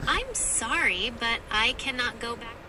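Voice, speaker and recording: A synthetic female AI assistant voice giving polite, measured replies. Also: fairly high pitch, expressive, far from the mic, background noise.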